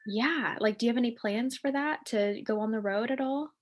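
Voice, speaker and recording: A woman's voice: fairly high pitch, moderate pace. Bubbly woman hosting a video-call interview. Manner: bubbly, enthusiastic. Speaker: interview host.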